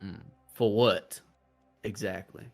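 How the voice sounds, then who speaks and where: A man playing a tabletop game, calmly questioning a captive in character. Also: lowish voice, takes it slowly, vocal fry, faint music behind. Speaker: player.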